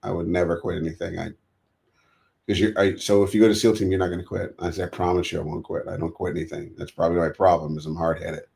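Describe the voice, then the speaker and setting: An American man, a guest in a storytelling interview, recounts stories from his past and acts out the voices of the people he quotes. His voice sits low and gravelly, and he talks at a quick pace.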